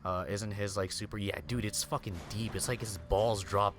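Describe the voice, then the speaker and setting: A man's voice: fairly low pitch, fairly even intonation, normal speed, over music. Rambling slangy young streamer guy. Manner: rambling, slangy, peppered with "dude" and "like". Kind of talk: casual gameplay chat.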